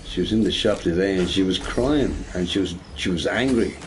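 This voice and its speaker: A middle-aged man who runs a shop rambles and swears in a casual rant while gaming, tagging his lines with "right?". His voice is low and animated at a moderate pace, with a little hiss or hum in the audio.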